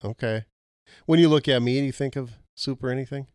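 A man's voice: mid-range voice, a little fast, darkish tone, dry recording, studio quality. A middle-aged man co-hosting a podcast, chatting casually and joking at his own expense, often laughing. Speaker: podcast co-host. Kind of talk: casual chat. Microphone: podcast mic.

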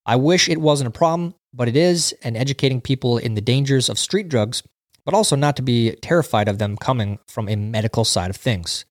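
Reading his chat aloud, this male livestream host responds to the comments in a brisk, expressive mid-range voice. It's casual talk captured in a dry, clean studio recording.

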